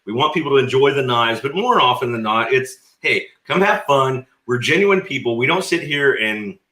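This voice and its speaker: A man talks casually on a livestream, chatty and quick to laugh. His voice is bright and forceful. The room around him is echoey. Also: medium pitch, expressive. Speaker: knife company co-owner.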